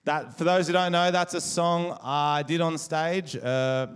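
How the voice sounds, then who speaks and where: A man's voice: fairly high pitch, unhurried, clean tone. A man with an Australian accent doing crude, brash stand-up comedy and crowd work on a stage before a live audience. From Wollongong, Australia. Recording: live show with audience noise.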